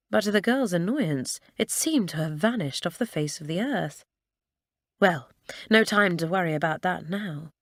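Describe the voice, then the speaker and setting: A woman narrating a children's school story in a measured, expressive storytelling manner. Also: lowish voice, dry recording, clean studio sound. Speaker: audiobook narrator.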